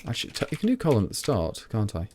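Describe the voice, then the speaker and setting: A man's voice: fairly low pitch, wildly swooping pitch, very fast, a little mellow, a little hiss or hum. Tipsy man muttering while coding. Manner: rambling, self-talking, chatty asides to viewers. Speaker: streamer programming live. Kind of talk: thinking aloud while coding.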